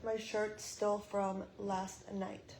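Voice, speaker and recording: Young woman vlogger, hospital room, angry and swearing as she vents; level, monotone voice. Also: mid-range voice, drawn-out words, a little hiss or hum, rough recording. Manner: frustrated, swearing, quoting others in dialogue. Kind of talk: venting to camera.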